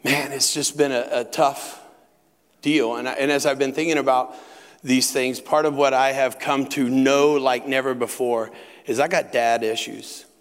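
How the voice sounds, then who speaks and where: A middle-aged man preaching a sermon, telling personal stories in an animated way and dropping into hushed tones at emotional moments. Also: mid-range voice, normal speed. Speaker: pastor. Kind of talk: sermon with acted anecdotes. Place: large hall at a retreat center. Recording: long hall reverb.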